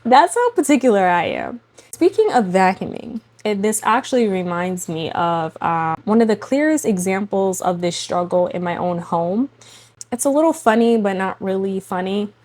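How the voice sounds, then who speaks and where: A young adult woman, a mother, speaking casually to camera about faith and home life in a chatty, animated way, often laughing and addressing women viewers directly. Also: mid-range voice, normal speed. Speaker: faith and lifestyle vlogger, mother.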